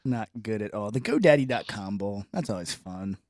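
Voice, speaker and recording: A man co-hosting a sports talk show, chatty and quick to laugh. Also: lowish voice, lively intonation, darkish tone, dry recording, studio quality. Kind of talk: casual sports banter.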